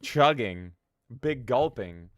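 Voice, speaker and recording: A man's voice: mid-range voice, expressive, takes it slowly, no echo, highs cut off. A man co-hosting a casual gaming podcast, joking crudely and reading chat messages aloud. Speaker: podcast co-host.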